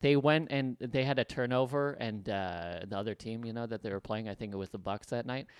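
A man co-hosting a casual sports podcast, talking in a relaxed, matter-of-fact way. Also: medium pitch, fairly quick, clear, resonant tone, no room sound, studio quality. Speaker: podcast co-host.

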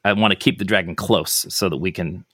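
A man with a low voice plays a tabletop game, working through his move out loud and restarting his sentences. The sound is dry and close. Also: fairly quick, no room sound. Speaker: player.

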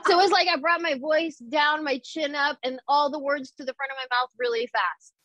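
Woman, chatty storyteller, fairly high voice, dry close sound. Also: a little fast, no echo, low-quality recording. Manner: animated storyteller, laughing often. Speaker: guest. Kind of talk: casual chat.

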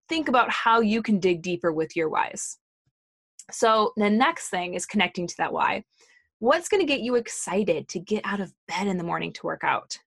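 A woman's voice: medium pitch, fairly bright tone, no room sound. Woman, 30s, fitness trainer, casual motivational chat, rambling and friendly-paced, dry close mic. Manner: chatty, lots of fillers and asides.

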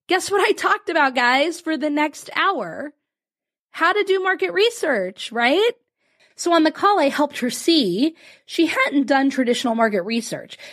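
A high-pitched woman hosting a podcast, animated and chatty as she speaks straight to her listeners. Her voice swings widely between high and low, and she breaks into laughter often while she tells the story. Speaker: podcast host and business coach.

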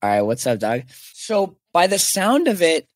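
A man's voice: on the high side, sing-song, moderate pace, dry recording, clean studio sound. Joking, laid-back man co-hosting a podcast. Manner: joking, laughs often, swears casually. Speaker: podcast co-host. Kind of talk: casual podcast chat. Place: hotel room.

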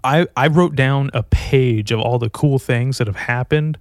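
A man's voice: mid-range voice, unhurried, no echo. A man rambles through a solo podcast, swearing freely and poking fun at himself. His voice sits in an ordinary middle range for a man. The sound is close and dry, with no room around it. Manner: profane, rambling and self-mocking. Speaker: podcast host. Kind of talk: casual solo podcast monologue. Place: at home with his dog.

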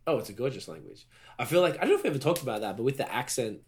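A man's voice: medium pitch, big pitch swings, rapid-fire. A man in his thirties from Australia with a mild Australian accent, hosting a casual podcast chat and wandering off on tangents with plenty of swearing. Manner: rambling, swears freely, trails into tangents. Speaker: podcast host.

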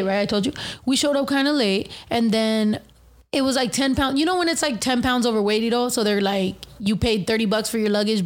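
A young woman with a slightly high voice tells a story on a casual talk show. She rants fast and profanely, jumping into dramatic reenactments of what people said.

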